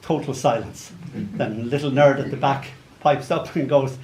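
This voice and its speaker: A medium-pitched, unhurried Irish voice belongs to a man in his sixties, a poet who shares playful stories and animated comic asides between poems. He performs live for an audience in an arts venue hall, and the recording sounds roomy with faint background noise.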